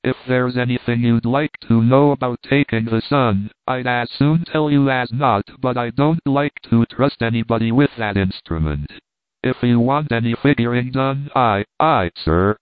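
A man's voice: mid-range voice, moderate pace, smooth, no echo, close to an everyday voice. A man voicing a polite, fussy ship's officer who speaks deprecatingly. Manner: deprecating, courteous. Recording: dry, tinny phone-like sound.

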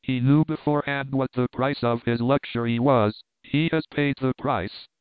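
A man's voice: medium pitch, fairly even intonation, moderate pace, clear, resonant tone, no echo, close to an everyday voice. Cool, stern wine-shop woman, read by a man. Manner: cool, curt, lightly mocking. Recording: tinny phone-like audio.

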